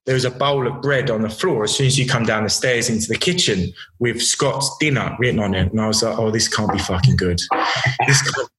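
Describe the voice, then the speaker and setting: A man's voice: mid-range voice, fairly quick, few pauses, fairly bright tone, slight background noise. A man in his thirties, a chef, telling kitchen stories in casual podcast chat, blunt and swearing freely with many restarts. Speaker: chef guest. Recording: roomy echo.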